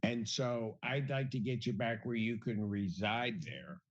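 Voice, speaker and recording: A man serving as judge, explaining his ruling in a measured way during a courtroom hearing. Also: on the low side. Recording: dull lo-fi courtroom audio.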